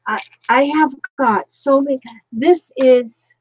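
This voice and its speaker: A woman's voice: high-pitched, takes it slowly, slightly rough, highs cut off. A woman chatting through a casual craft tutorial, emotional and overwhelmed, with frequent breathless exclamations. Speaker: crafting vlogger.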